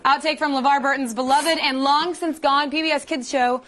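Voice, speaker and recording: Teasing high-voiced female host. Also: fairly even intonation, brisk, a bit bright. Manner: dry, teasing. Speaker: TV show co-host. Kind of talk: studio banter reading segments.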